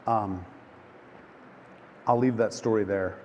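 A man preaching a sermon, telling a personal story with emotion, halting and restarting often. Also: lowish voice, steady tone, darkish tone. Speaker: pastor. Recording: long hall reverb, faint background noise.

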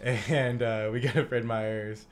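A young man co-hosts a podcast in a mid-range voice, fairly even in intonation and a little slow. He rambles through stories in casual chat, laughing often and filling his speech with fillers.

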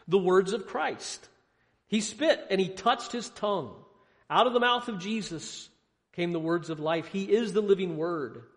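High-voiced preacher in a reverberant hall. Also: male voice. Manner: asks rhetorical questions, swings between loud emphasis and hushed lows. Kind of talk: sermon.

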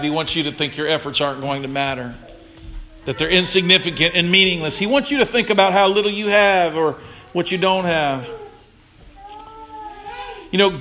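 Bright high-voiced male pastor preaching. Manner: conversational, addresses congregation members by name; acts out quoted voices with big pitch swings. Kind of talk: sermon.

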